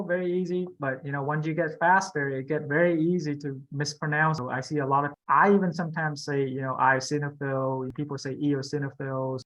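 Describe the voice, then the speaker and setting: A man's voice: on the high side, a bit bright, muffled recording. A man teaching a medical English class, patiently repeating terms and correcting pronunciation. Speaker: instructor.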